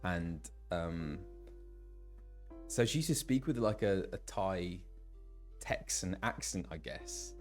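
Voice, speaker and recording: A man's voice: sits low, lively intonation, takes it slowly, pauses often, soft background music. A man who voices game characters, chatting casually with his live-stream viewers and reading out where they are from. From England.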